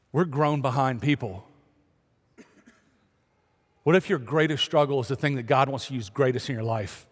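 A man preaching, telling a joking story about his family before turning earnest and urging the listeners. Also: a little high. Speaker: pastor. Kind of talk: sermon with humorous story. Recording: long reverb of a large hall.

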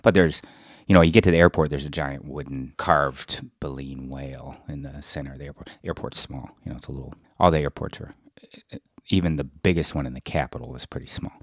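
A middle-aged man, chatting casually as a podcast co-host and telling blunt, profane stories with loud acted-out quotes. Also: rumbling low, a little fast, no echo, clean studio sound. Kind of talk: casual chat.

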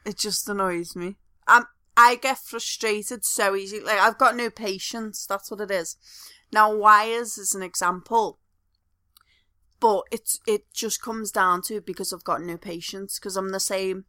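A young woman chats loosely on a podcast, swearing freely and getting animated. Her voice is bright and clear-toned, and the recording is close and dry, with no room sound. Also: mid-range voice, measured pace, no room sound. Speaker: podcast co-host. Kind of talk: casual chat.

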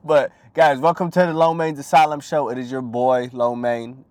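A young man hosts his own show in a loose, profane monologue, jumping between topics. His voice sits at an ordinary pitch and sounds dry and close, with no room around it. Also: normal speed, hardly any pauses, clear, resonant tone, no echo. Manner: profane, rambling, animated impressions. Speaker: podcast host. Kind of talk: crude comedic monologue.

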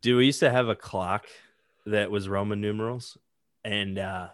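A man's voice: fairly low pitch, steady tone, moderate pace, no room sound, studio quality. A man co-hosting a casual sports podcast, rambling and hesitant, full of "um" and "like". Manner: rambling, hesitant, many fillers. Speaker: podcast co-host.

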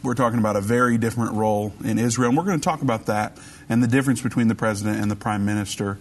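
An American man hosting a radio talk show, chatting in a lively, joking way with many fillers. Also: fairly low pitch, very fast. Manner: animated, jokey, hesitant with fillers.

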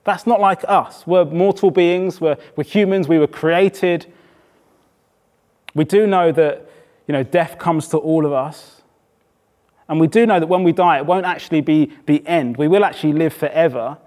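Male preacher from England, slightly high voice, conversational but emphatic sermon delivery in church. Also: normal speed, a little mellow. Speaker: pastor.

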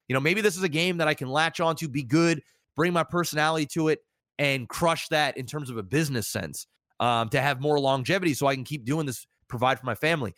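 Candid and reflective, a thirtysomething podcast co-host and streamer chats casually at a quick pace, his pitch rising animatedly. It's recorded in studio quality, free of echo.

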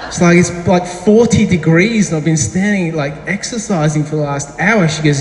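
A man's voice: high-pitched, fairly quick, hardly any pauses, slight background noise. A middle-aged man preaching a sermon as pastor, telling a story chattily with self-deprecating asides. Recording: echoey hall with faint ambience.

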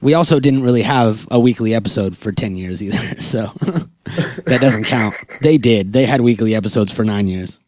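A man's voice: on the low side, moderate pace, a little mellow, no room sound, studio quality. A man in his thirties hosting a podcast, chatting casually and joking with frequent laughs. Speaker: podcast host.

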